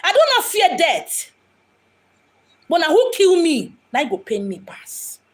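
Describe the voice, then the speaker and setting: A woman's voice: very high-pitched, sing-song, unhurried. A woman from Abia State in Nigeria with a Nigerian accent, a spiritual medium speaking in an impassioned, dramatic monologue. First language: Igbo. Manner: dramatic, acts out quoted voices. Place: home in Lagos.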